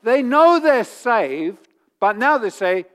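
Slow, emphatic male preacher. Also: extremely high pitch, clean tone. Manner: animated, repeats points with rising force. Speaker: pastor. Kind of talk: sermon.

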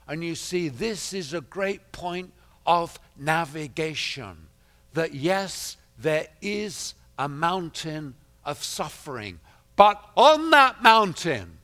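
A man delivers a sermon in a high, bright voice, taking his time over every phrase. He drops to a hush, then climbs to loud, ringing declarations, repeating key lines for emphasis. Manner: swings from quiet to loud and emphatic. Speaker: preacher.

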